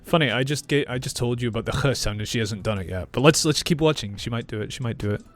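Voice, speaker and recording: A man, an English teacher explaining clearly and repeating words for learners. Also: medium pitch, quick pace. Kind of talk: reaction video lesson.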